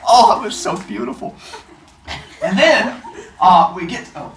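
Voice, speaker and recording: Animated male teacher in an echoey classroom. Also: sits high, moderate pace, noisy background. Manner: animated, jokey, acts out scenes. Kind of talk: reading a novel aloud, then class discussion.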